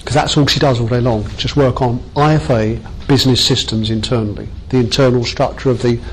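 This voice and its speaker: A man's voice: medium pitch, fairly even intonation, fairly quick, a little hiss or hum, poor audio. A man leading a workshop training session, chatty and self-mocking as he jokes with the group.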